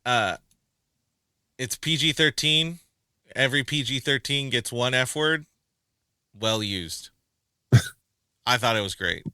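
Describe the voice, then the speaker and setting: A man's voice: mid-range voice, slow, pauses often, bright, forceful tone, clean tone, dry recording. A man co-hosting a movie review podcast in casual chat, laughing often and acting out quotes from the film. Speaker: podcast co-host.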